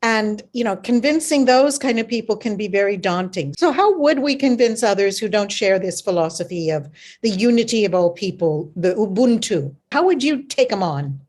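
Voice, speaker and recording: A woman's voice: medium pitch, expressive, moderate pace, darkish tone. Chatty woman radio show host. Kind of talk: casual interview chat.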